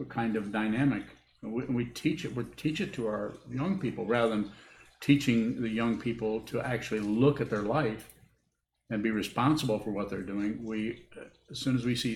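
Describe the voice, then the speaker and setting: A man giving a dharma talk as a Buddhist teacher, answering questions in a halting, thoughtful way and repeating words as he rethinks. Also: on the low side. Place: meditation hall with a group. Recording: echoey room with faint hiss.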